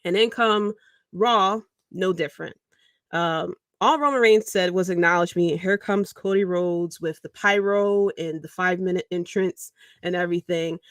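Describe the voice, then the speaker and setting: A woman hosting a casual livestream, talking in a rambling, animated way and chuckling mid-sentence. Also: lowish voice, normal speed, dry recording, clean studio sound. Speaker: podcast host.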